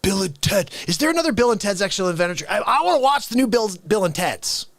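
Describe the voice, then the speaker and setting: With a high-pitched, quick voice carrying vocal fry, this man hosts a daily live variety show, recorded dry with clean studio sound. His casual livestream chat is animated and jokey, full of laughter and off-topic wandering.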